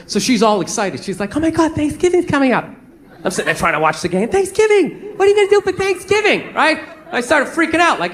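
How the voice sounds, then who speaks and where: A man's voice: very high-pitched, a bit bright. A man in his forties doing a stand-up comedy routine on stage, ranting and swearing with exasperation. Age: 40s. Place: comedy stage before a live audience. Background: faint audience laughter.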